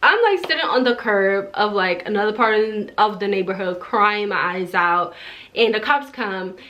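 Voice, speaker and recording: A woman's voice: medium pitch, moderate pace, fairly bright tone. A young woman vlogger telling a personal story time in a casual, emotional way, with lots of "like". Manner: casual, heavy use of "like", emotional and tearful in places.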